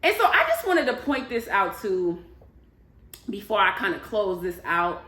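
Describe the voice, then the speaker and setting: A woman recapping a reality show in a casual, animated, chatty way, with emphatic storytelling. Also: medium pitch, a little slow. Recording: echoey room.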